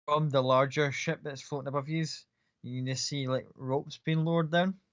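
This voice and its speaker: A man's voice: on the high side, steady tone, moderate pace, a bit bright, dry recording. A man running a tabletop game as game master, narrating casually with fillers and the odd swear word. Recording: dull lo-fi, dry.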